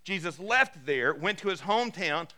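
A male pastor delivers a sermon in a conversational, storytelling manner, often stumbling into quick restarts. His voice sits high for a man and has a bright, forceful edge. He sounds like he is speaking from the pulpit of a church. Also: lively intonation.

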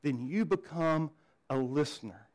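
A man's voice: a little high, animated, unhurried, low-quality recording. A man preaching a sermon as pastor, conversational, often repeating words as he starts a sentence and asking the congregation questions. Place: church.

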